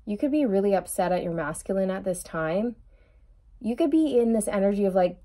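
A young adult woman reads tarot cards for her viewer in a chatty, playful way. She laughs often and keeps talking to the viewer as girl. Her voice is mellow and sits at an ordinary pitch. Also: lively intonation, a little fast. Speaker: tarot reader. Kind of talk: tarot reading.

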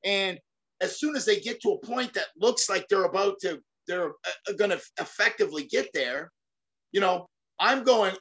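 A middle-aged former fighter talks through his ideas as an interview guest. He is energetic and rambling, restarting sentences, piling up fillers and swearing casually. His voice sits a bit high for a man. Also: normal speed, muffled recording. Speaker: guest, former fighter and self-defense trainer.

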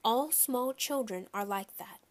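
A brisk, fussing mother from a children's audiobook, voiced by a woman reader. She talks in a soothing, practical manner, only a touch above the narrator's own voice. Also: on the high side, lightly acted. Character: busy, fussing mother at a toddler party.

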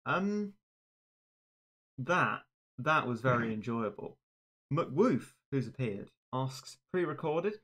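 A man's voice: medium pitch, big pitch swings, slow, a bit bright, breathy edge. A man, chatting casually on a live stream with dry, self-deprecating humor.

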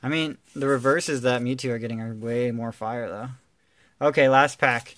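A man doing casual, playful commentary while opening trading card packs, excitedly calling out cards and teasing his viewers. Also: mid-range voice, a little slow, no room sound. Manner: excitable, calls out card names with bursts of energy.

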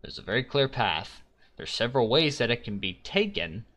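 A man's voice: mid-range voice, big pitch swings, normal speed, fairly bright tone. A young man giving blind let's play commentary, frustrated, swearing and talking to the game as he solves puzzles. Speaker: gaming YouTuber.

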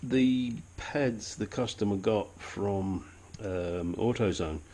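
Working on a brake and control arm job for his home mechanic channel, a man talks slowly in a lowish, mellow, husky voice. The narration is casual, with occasional cursing, wandering asides, and a silly accent at times.

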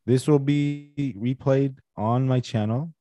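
A man hosts a relaxed live-stream chat over a video call, loose and joking with the odd swear. His voice is mid-pitched, and the sound is dry and close. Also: slow pace, no echo. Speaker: podcast host. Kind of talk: casual chat.

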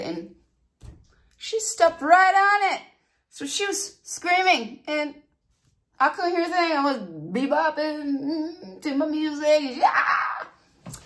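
A woman beauty vlogger telling stories and walking through a hair tutorial in a chatty, animated way. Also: high voice. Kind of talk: casual storytelling and hair tutorial.

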